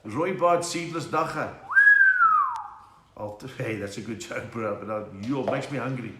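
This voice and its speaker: Chatty South African comedian, echoey home room. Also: male voice, medium pitch, a little slow. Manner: chatty, bursts into laughing song bits. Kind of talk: livestream chat with viewers, telling jokes. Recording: echoey room with faint hiss.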